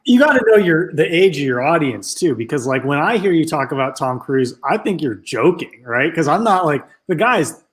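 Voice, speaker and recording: A man with a slightly high, lively voice cuts into a casual chat. He pushes back with skeptical remarks. His pitch moves up and down a lot as he talks. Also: normal speed, hardly any pauses. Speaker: host.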